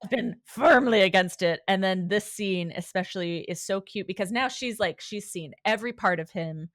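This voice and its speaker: A woman's voice: medium pitch, normal speed, dry recording. Gushing woman co-host, dry sound. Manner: enthusiastic, gushing. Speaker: podcast co-host. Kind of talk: casual chat recapping an episode.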